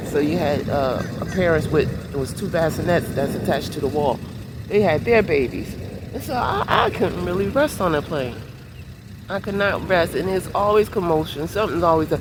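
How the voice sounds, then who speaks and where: Sitting in a minivan by the beach, a woman vlogger shares a casual storytime in a fairly low voice, with background noise audible. Her telling is animated and chatty, full of exclamations.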